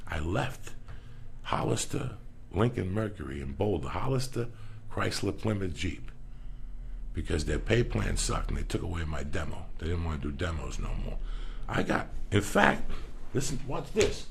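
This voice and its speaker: A man telling stories as a comedian guest in a casual podcast, profane and animated. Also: low voice, slight background noise. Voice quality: gravelly. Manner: profane, animated, rapid-fire.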